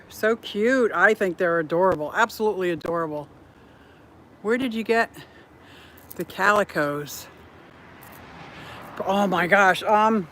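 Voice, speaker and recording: Over slight background noise, a woman with a mid-range voice hosts a casual home tour vlog for her fish keeping channel. She's chatty and giggly, walking around the house and yard and talking to her fish, pets and viewers.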